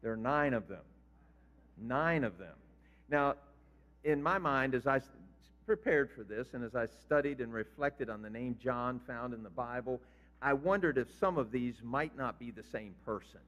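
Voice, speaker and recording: Older pastor preaching in an echoey church. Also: male voice, medium pitch, lively intonation, moderate pace, a bit bright. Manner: conversational, quizzes the congregation. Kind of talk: sermon. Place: church sanctuary. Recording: reverberant hall, dull lo-fi sound.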